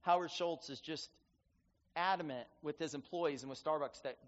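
A man's voice: on the high side, normal speed. A male pastor telling stories in a sermon, repeating phrases for emphasis. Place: church sanctuary. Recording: reverberant hall, dull sound.

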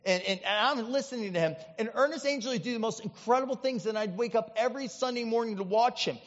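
A male pastor from the US Midwest, telling stories in a chatty, animated sermon with many asides. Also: very high-pitched, fast talker, long reverb tail, muffled recording. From Indiana, US Midwest. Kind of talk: storytelling sermon.

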